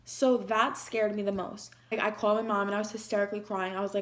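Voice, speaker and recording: A woman's voice: medium pitch, flat delivery, fast, hardly any pauses, fairly bright tone. A young woman vlogger emotionally retelling a personal story in a chatty way, with lots of "like". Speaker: beauty vlogger.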